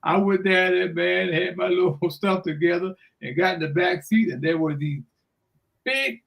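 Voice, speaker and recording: An older man tells a story with a lot of energy, and his voice sits high for a man. He acts out each part of the conversation, laughs often, and keeps saying "man". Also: normal speed, vocal fry, fairly bright tone, poor audio. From Washington DC area. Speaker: guest storyteller. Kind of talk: animated anecdote on radio.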